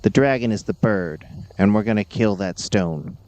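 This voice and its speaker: A man's voice: lowish voice, normal speed. A man giving casual, jokey commentary while playing a video game. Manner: jokey, animated. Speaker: gameplay host.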